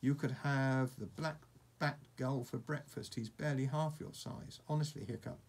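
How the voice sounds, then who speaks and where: A man reading aloud and voicing a fretful, gloomy young Viking boy who speaks slowly and dolefully. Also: mid-range voice, darkish tone, breathy edge. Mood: despairing. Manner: despairing, slow and doleful.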